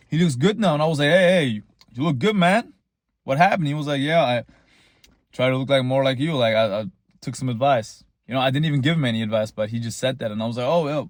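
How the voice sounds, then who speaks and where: A young man talks in a loose, rambling monologue, boasting about himself in a joking way. His voice sits in a middle pitch and sounds dry and close, with no room echo. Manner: boastful, rambling, tongue-in-cheek self-praise. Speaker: vlogger. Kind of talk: casual monologue.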